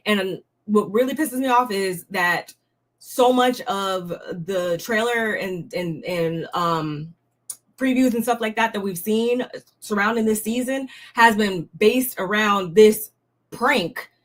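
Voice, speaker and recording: A woman's voice: mid-range voice, slow pace. A young woman giving a casual, blunt recap of a reality show, talking in slang and often sounding fed up. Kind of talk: casual commentary.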